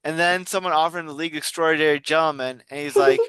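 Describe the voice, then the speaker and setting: Man, podcast co-host, bright and crisp, dry sound, rambling casual chatter. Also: a little high, steady tone, very fast, dry recording. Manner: rambling, many restarts and fillers. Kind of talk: casual chat.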